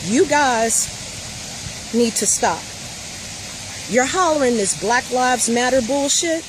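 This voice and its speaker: A woman delivers an impassioned, profane rant, hammering each point with blunt emphasis. Her voice sits a little high. Steady road and engine noise runs clearly behind her, as if she is sitting in a vehicle. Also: a little slow. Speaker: mother.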